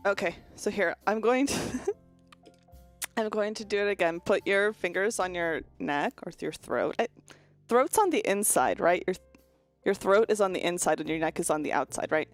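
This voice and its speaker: A woman's voice: medium pitch, moderate pace, soft background music. A young woman casually chatting on a stream, explaining pronunciation through demonstrations and swearing freely. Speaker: virtual streamer. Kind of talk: casual chat stream about linguistics.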